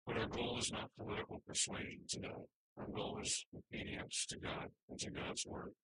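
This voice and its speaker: Male pastor, mid-pitch, bright and forceful tone, emphatic sermon delivery, faint background noise. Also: normal speed, low-quality recording. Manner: earnest, emphatic preaching with restarts.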